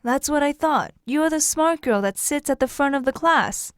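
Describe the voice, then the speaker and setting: A woman voices a friendly teenage boy, pitching her voice higher than her own natural range. She sounds expressive and speaks at normal speed, in a dry, studio-quality recording.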